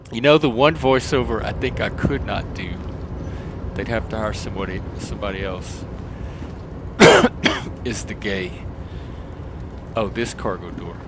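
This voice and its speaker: A man's voice: lowish voice, a little slow, long pauses, very noisy. A man casually chatting through a gameplay stream and talking to his chat. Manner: rambling, talks to chat.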